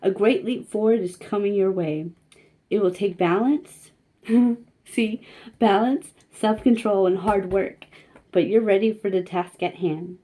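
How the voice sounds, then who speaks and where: A woman giving a casual spiritual card reading, talking gently and haltingly with many fillers. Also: medium pitch.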